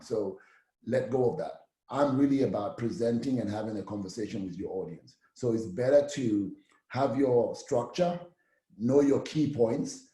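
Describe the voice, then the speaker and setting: A man coaching public speaking in a live-streamed teaching talk, energetic and emphatic, often checking in with the listener. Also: mid-range voice, roomy sound.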